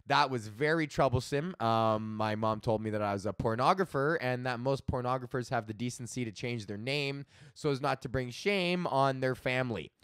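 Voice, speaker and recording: A thirty-year-old man talks through his own comedy podcast in a loose, rambling way, swearing freely and laughing at his own jokes. His voice sits at an ordinary middle pitch. The sound is dry and close, with no room echo. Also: fairly bright tone, clear, resonant tone. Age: 30s. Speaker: podcast host. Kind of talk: casual solo comedy podcast rant.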